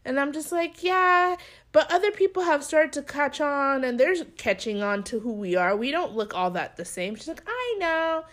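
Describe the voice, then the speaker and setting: Speaking a little fast with hardly any pauses, this young podcast co-host has a high-sitting voice. In a casual chat, she tells a lively story and performs the voices of the people she quotes.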